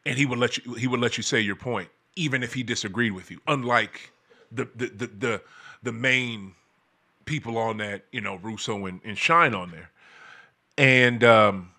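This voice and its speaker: A fired-up man rants on his own show, cursing freely and tripping over restarts before he breaks into yells. His voice is bright and forceful, sitting at an ordinary middle pitch. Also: normal speed. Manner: angry, profane, stammering restarts, bursts into shouting. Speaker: podcast host. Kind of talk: heated ranting monologue.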